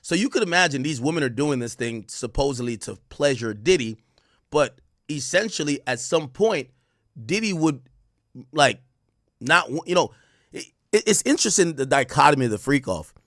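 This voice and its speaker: A man, animated and profane, reacting to news on a livestream and reading out testimony. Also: moderate pace, no room sound, clean studio sound. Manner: animated, swings from loud outbursts to low mutters; profane, reads court testimony aloud. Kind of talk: casual livestream commentary.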